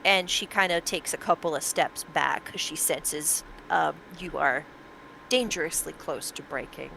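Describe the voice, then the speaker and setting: A woman's voice: deep voice, unhurried, gravelly, pushed and bright, a little hiss or hum, poor audio. A woman acting as game master, narrating a tabletop game in a chatty way with plenty of fillers.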